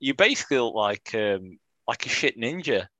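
A man's voice: medium pitch, sing-song, normal speed, a bit bright, no room sound. Wry man, dry close sound. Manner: wry, teasing banter with frequent restarts. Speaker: podcast co-host. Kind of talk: casual football fan chat.

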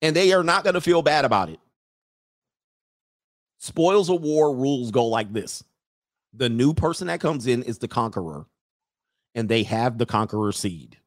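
A man hosting a livestream, ranting to his viewers in a casual, animated way and laughing often. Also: mid-range voice, moderate pace, long pauses, dry recording, studio quality. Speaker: livestream host.

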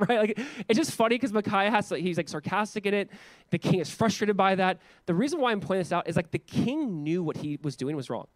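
A man preaching a sermon as pastor, conversational and animated, full of restarts and "like", acting out the people he quotes. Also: fast, no room sound. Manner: acts out quoted voices with raised pitch.

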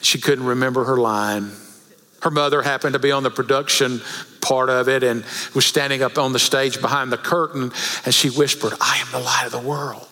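A man preaching a sermon to a church congregation, telling stories and slowing down for scripture. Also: medium pitch, steady tone, pushed and bright, big-room sound, poor audio. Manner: storytelling, slows for scripture. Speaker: pastor. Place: church sanctuary.

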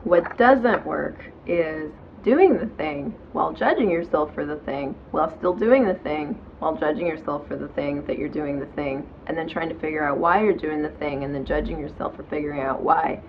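A woman's voice: low voice, normal speed, vocal fry, few pauses, muffled recording, slight background noise. A woman hosting her own show, giving casual self-help talk from home in bed in a frank, chatty way with casual swearing. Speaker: podcast host.

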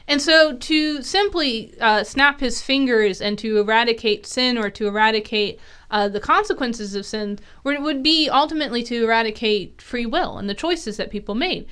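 A woman pastor speaks in a smooth, resonant voice pitched a little high. She reads and reasons in a measured, thoughtful manner on a discussion podcast. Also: a bit bright. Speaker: pastor and co-host. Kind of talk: reading aloud and discussion.

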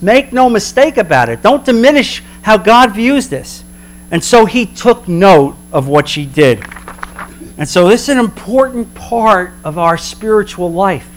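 High-voiced man preaching a sermon. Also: fairly bright tone. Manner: preaching, emphatic with slow dramatic pauses. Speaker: pastor.

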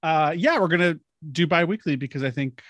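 Lively joking male podcast co-host. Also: on the high side, fairly quick. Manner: joking, rambling with restarts. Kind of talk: casual chat.

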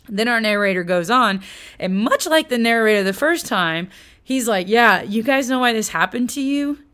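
A woman teaches the Bible in an easygoing, chatty way. She drops slang into her lessons and retells the old stories with energy. Her voice sits in a middle pitch. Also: clear, resonant tone. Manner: conversational and slangy, lively retellings.

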